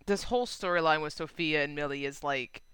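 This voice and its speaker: Podcast co-host, woman, bright and lively, crisp dry close sound. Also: a little fast, dry recording. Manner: animated, swears freely, acts out characters in high voices. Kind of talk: casual movie discussion podcast.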